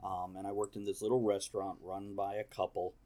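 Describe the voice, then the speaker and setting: Man, mid pitch, storyteller, casual chat, easygoing. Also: a little fast. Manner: animated storyteller.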